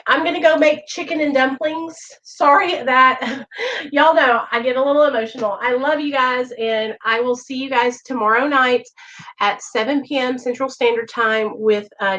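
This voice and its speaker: Woman hosting a stream, high voice, heartfelt and emotional, on dull lo-fi audio. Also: a bit bright. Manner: emotional, earnest, keeps addressing viewers. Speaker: host of a recovery livestream. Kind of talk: heartfelt direct-to-camera talk. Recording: dull lo-fi recording.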